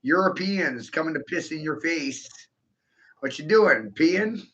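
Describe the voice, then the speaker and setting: Guy ranting to camera, very sharp voice, kinda high, keeps cracking up at his own jokes. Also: expressive, unhurried. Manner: profane, giggly, keeps breaking into laughter; rhetorical, addresses the listener directly. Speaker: vlogger. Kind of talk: rambling stream-of-consciousness monologue. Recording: dull lo-fi recording.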